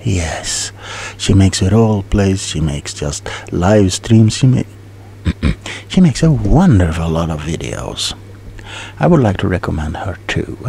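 This ASMR performer whispers softly in a low, gravelly, exaggerated voice, acting as a scatterbrained tingle salesman who rambles and stumbles over his words. There's a faint hiss or hum on the recording.

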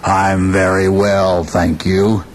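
A man voicing a huge, ferocious male jaguar in a storybook tale, speaking gruffly, slowly and demandingly. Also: low voice, little pitch movement, a little hiss or hum, poor audio.

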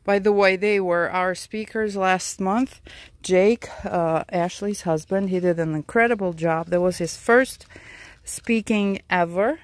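Speaking at an unhurried pace in a medium-pitched voice, an orchid grower shows viewers around her outdoor garden in a relaxed vlog. She chats with the plants and the audience, winded by the heat, with no room sound on the recording.

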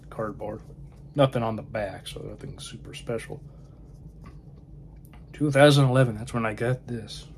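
A film vlogger chats casually about movies in a mid-range voice, rambling and frequently trailing off into a murmur. There is slight background noise.

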